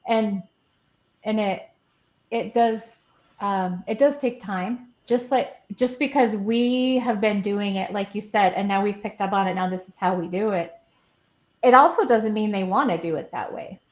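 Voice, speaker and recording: A woman's voice: mid-range voice, moderate pace. Laughing mother in a roomy, muffled recording. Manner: chatty, laughs often while telling stories. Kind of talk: casual chat.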